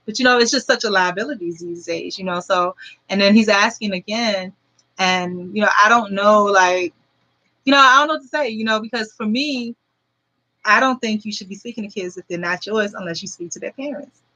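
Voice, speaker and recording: A woman in her forties talks straight to her viewers in a bright, forward voice. She rambles earnestly, circling back with fillers as she tells her story. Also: medium pitch, a little fast, poor audio. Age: 40s. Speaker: vlogger.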